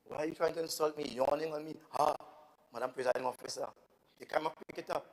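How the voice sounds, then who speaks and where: A man's voice: fairly high pitch, steady tone, fast talker, big-room sound, rough recording. A man with a Tobagonian accent, an assemblyman arguing emphatically and repeating himself in a parliamentary debate. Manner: indignant, emphatic, repetitive. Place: legislative assembly chamber.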